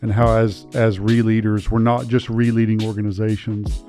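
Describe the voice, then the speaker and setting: A man's voice: lowish voice, flat delivery, normal speed, mellow, soft background music. A man hosting a podcast in a studio, chatting casually and correcting himself as he goes. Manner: upbeat, rambling, self-correcting. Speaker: podcast host.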